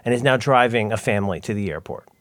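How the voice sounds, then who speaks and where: A man's voice: lowish voice, fast talker, no echo. A middle-aged man co-hosting a podcast, chatting casually in rambling, self-interrupting, jokey stories. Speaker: podcast co-host. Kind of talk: casual chat.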